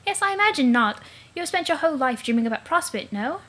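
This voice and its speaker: Bubbly alien sea princess, teen girl, playful and punny, high voice; a woman reads her. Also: big pitch swings, fast talker, sharp tone, full character voice. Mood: chirpy. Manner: fish puns, cheery, teasing.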